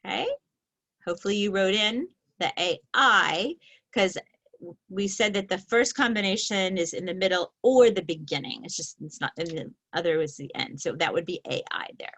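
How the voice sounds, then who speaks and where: A woman teaching a reading lesson, slowly stretching out the sounds of each word in a patient, clear way. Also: fairly low pitch, fairly bright tone. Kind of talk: slow, patient phonics lesson.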